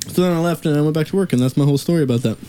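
A man's voice: on the high side, racing, dark tone, smooth. A young man in casual podcast chat, rambling through a story with lots of fillers and swearing. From Dallas area, USA.

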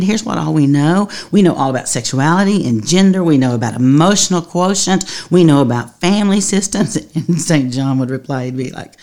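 A woman pastor, teaching in a conversational podcast monologue, earnest and quick to laugh. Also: deep voice, mellow.

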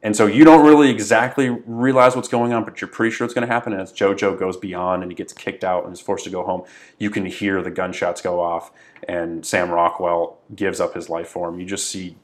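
A man's voice: deep voice, flat delivery, a little fast. A man co-hosting a casual podcast, earnestly retelling movie scenes in close detail. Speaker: podcast co-host.

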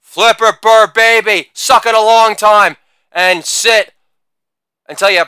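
A male comedian doing a crude insult roast, with brash delivery and shouted catchphrases. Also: sits high, steady tone, slow, clear, resonant tone, dry recording.

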